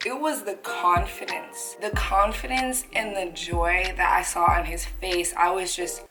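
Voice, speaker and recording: A woman's voice: medium pitch, normal speed, few pauses. A young woman vlogger from Canada telling a personal story in a candid, chatty way while eating, with playful asides and the odd swear word. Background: background music.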